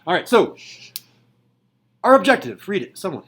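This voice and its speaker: A young man teaching a high school math class in a classroom, playful and jokey in manner. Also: sing-song, normal speed, fairly bright tone, low-quality recording. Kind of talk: classroom lecture.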